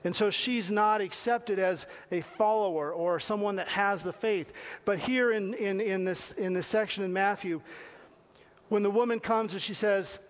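Man, conversational preacher with a high voice, asks the congregation questions and repeats phrases. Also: moderate pace. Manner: talks directly to listeners with questions, repeating phrases. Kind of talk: conversational sermon.

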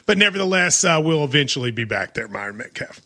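A man's voice: a little high, sing-song, fast, pushed and bright. A man with a Kentucky accent hosting a casual sports talk show, joking and rambling as he talks over his co-host.

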